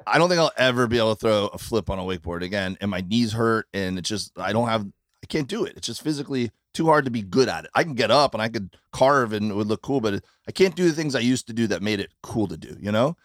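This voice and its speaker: A man, a comedian guest on a podcast, talking casually on a tour bus and rambling with halting restarts. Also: fairly low pitch, lively intonation, no room sound, clean studio sound. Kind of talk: casual chat.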